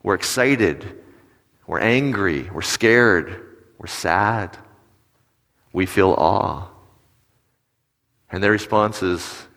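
A man's voice: low-pitched, extremely slow, creaky, pauses often. Conversational male preacher in a reverberant hall. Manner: conversational, animated when acting out stories, asks the audience questions. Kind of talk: sermon. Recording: long reverb of a large hall.

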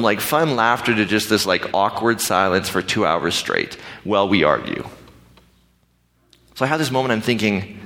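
A pastor telling a personal story in a conversational, animated way, acting out the other people's lines. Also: male voice, on the low side. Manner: animated, conversational, acts out dialogue. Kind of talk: storytelling sermon. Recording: reverberant hall.

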